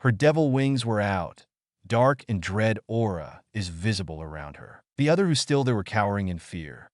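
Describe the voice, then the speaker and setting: A man's voice: lowish voice, very animated, moderate pace, dry recording, clean studio sound. A man reading fan fiction aloud, with chatty asides to the listener.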